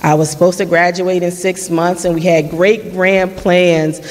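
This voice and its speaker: Late 30s, forum speaker, earnest storytelling, mid pitch, long reverb in a church hall. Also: level tone, unhurried. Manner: earnest storytelling with reenacted dialogue. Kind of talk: personal testimony.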